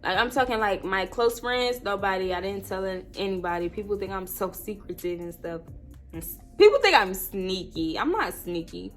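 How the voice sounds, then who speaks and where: Woman, 20s, vlogger, emotional storytime, teary and rambling, medium pitch. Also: normal speed, soft background music. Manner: tearful, laughing through tears, rambling with many fillers.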